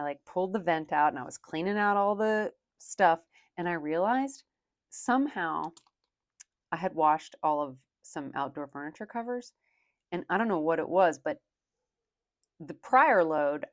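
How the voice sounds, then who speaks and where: A woman's voice: sits low, dry recording, studio quality. A young woman and working mom chatting casually while counting cash for her budget, rambling with lots of "like".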